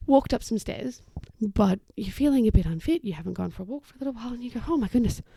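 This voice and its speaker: Hosting an occupational therapy podcast, a woman explains ideas in a casual, chatty, warm way and briefly acts out the voices of people she quotes. Her voice is a little high, expressive and creaky, with a quick pace. A slight hiss or hum sits under the recording.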